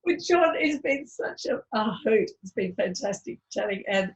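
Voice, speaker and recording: A woman's voice: medium pitch, lively intonation, moderate pace, lo-fi sound. A woman with an Australian accent, hosting a casual interview in a friendly, chatty way. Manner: friendly, chatty, laughs easily. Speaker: host, interviewer.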